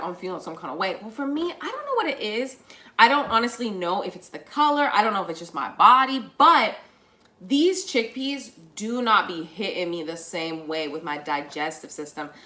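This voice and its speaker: A woman's voice: medium pitch, sharp tone. A woman hosting a live cooking show, chatty and playful, talking straight to her viewers while she cooks in a kitchen. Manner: bursts into improvised little songs. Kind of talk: live cooking demonstration, casual.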